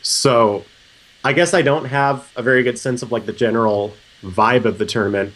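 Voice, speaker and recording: A man co-hosting a casual podcast while recovering from a cold, relaxed and wry, speaking into a sensitive microphone. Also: mid-range voice, moderate pace. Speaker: podcast co-host.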